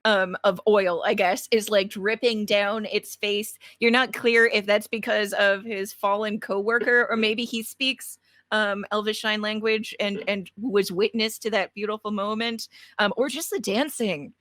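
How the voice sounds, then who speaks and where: Woman game master, bright slow delivery, dry close sound, halting narration. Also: mid-range voice, steady tone, no echo.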